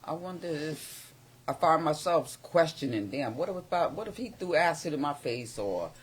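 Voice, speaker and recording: An older man talks as a guest in a small studio, blunt and candid. He hops from one thought to the next and doesn't soften anything. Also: on the high side, expressive, moderate pace, slightly rough. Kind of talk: casual chat.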